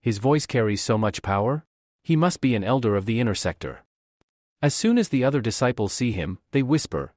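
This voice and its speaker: A man's voice: mid-range voice, expressive, moderate pace, darkish tone, no room sound. A man narrating a comic recap in a dramatic storytelling manner. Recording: dry close recording.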